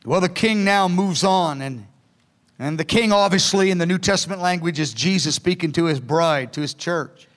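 A man preaches a sermon, his voice sitting high for a man. He speaks earnestly and pleads with his listeners, now and then acting out quoted words with a lift in pitch. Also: moderate pace. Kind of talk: sermon teaching from notes.

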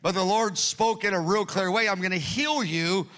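Speaking at a normal speed with a fairly bright tone, a sixty-something pastor addresses his congregation in an earnest, conversational sermon. His voice is prone to strain, and his pitch rises abruptly at times.

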